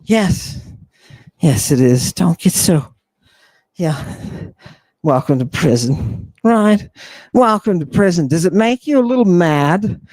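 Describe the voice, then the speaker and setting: Fiery male lecturer, high voice, unhurried delivery, provocative and full of rhetorical questions. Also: animated, a little mellow, no room sound. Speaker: host and lecturer. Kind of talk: impassioned lecture on ancient texts.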